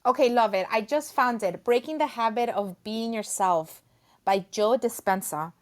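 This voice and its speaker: A woman co-hosting a casual chat. She is chatty and laughs easily, and she adds quick apologetic asides. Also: on the high side. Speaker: co-host.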